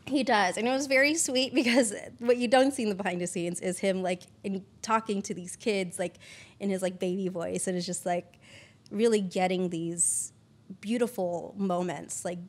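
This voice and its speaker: A woman's voice: mid-range voice, moderate pace. Chatty woman producer, "like"-heavy talk. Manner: chatty, heavy use of "like", casual swearing. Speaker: producer and podcast guest. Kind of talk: casual interview chat.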